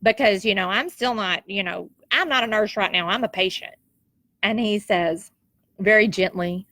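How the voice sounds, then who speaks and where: A woman's voice: mid-range voice, normal speed, sharp tone, no room sound, clean studio sound. A woman, telling a personal story in an emotional, heartfelt and reflective way, tearful at times. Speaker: nurse sharing a personal story.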